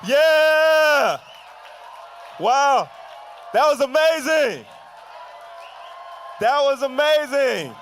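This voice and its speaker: A man's voice: very high voice, sing-song, drawn-out words, pauses often, fairly bright tone, slight background noise. A man emceeing an outdoor rally, hyping up the crowd and introducing speakers. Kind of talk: rally announcing.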